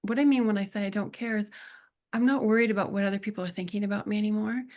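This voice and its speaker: Middle-aged woman on a podcast, earnest emotional storytelling, slows down to reflect. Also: mid-range voice, steady tone, darkish tone. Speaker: podcast guest. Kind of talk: conversational interview.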